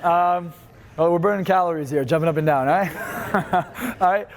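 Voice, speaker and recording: A man leading a live seminar, energetic and fast, swearing freely as he instructs the room. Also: high-pitched. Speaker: seminar speaker.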